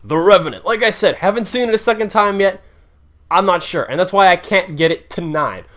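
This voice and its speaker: A man giving a casual, opinionated movie countdown, blunt and ranting, his voice jumping up when he gets worked up. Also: brisk. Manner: animated, swings up and down in pitch when worked up. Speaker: movie reviewer.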